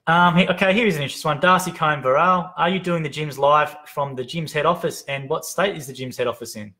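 A man's voice: a little high, fast, pushed and bright. A man co-hosting a live stream from an office desk, cheerfully reading out viewer comments and names, sometimes stumbling over how to pronounce them. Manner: upbeat, reads names aloud, stumbles on pronunciations. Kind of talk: casual live-stream chat. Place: open-plan head office.

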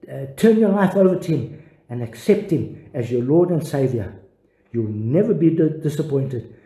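An older man, a pastor, giving a devotional sermon in an earnest, halting way with frequent restarts. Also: fairly high pitch, mellow, roomy sound, low-quality recording.

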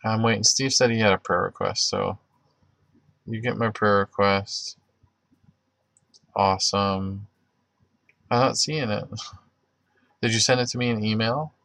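Male livestream host, low gravelly voice, loose rambling delivery full of restarts. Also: unhurried, pauses often, a bit bright, no room sound. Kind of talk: casual livestream chat with prayer.

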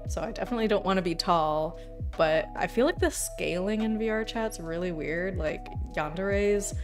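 A woman streaming live, talking in a loose, rambling way and swearing casually. Her voice sits a little low for a woman. Soft music plays quietly behind her. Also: normal speed. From Canada. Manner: rambling, chatty, swears freely. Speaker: livestreamer. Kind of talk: casual livestream chat.

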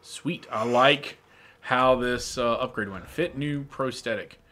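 A man co-hosting a let's play, chatting casually and reading game menus aloud in a relaxed mutter. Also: medium pitch, takes it slowly. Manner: laid-back, muttering menu text aloud. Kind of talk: casual gameplay chat.

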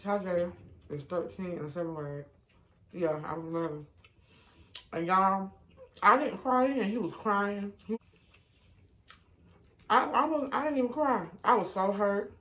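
A woman vlogger telling stories while she eats, chatty and animated, calling her viewers y'all, baby and honey. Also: measured pace, long pauses. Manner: animated, with sudden rises in pitch and loudness. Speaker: mukbang vlogger. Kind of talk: casual storytime while eating.

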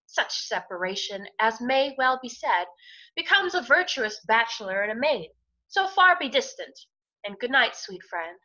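A woman playing a modest young woman who gently teases her lover, reading Shakespeare verse on a dull, lo-fi video call. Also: on the high side, big pitch swings, normal speed. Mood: teasing.

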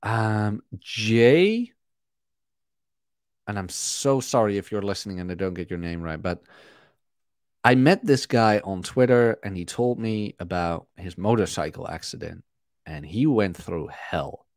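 Slow, animated man chatting to his viewers. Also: lowish voice, clean tone, no echo, studio quality. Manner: rambling, reads and answers chat comments. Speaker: podcast host. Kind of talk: casual livestream chat.

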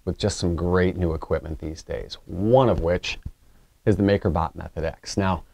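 A man's voice: sits low, moderate pace, creaky, darkish tone, no room sound. Enthusiastic middle-aged man unboxing gear. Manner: enthusiastic, chatty, explains as he goes. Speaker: engineer unboxing a 3D printer. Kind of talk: casual unboxing vlog.

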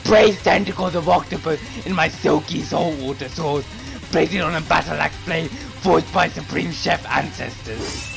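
A man voicing a pompous rival chef who boasts loudly in broken English. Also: fairly high pitch, moderate pace, gravelly, hardly any pauses, over music, pitched above the performer's own voice, low-quality recording. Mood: haughty. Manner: loud, haughty, broken English.

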